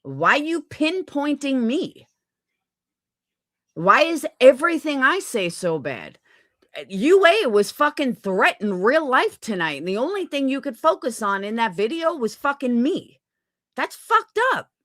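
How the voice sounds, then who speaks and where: A woman's voice: sits high, big pitch swings, measured pace, a bit bright, no echo. A woman streamer venting in an angry, profane rant on a livestream. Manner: heated, profane, repetitive venting. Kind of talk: angry ranting livestream commentary.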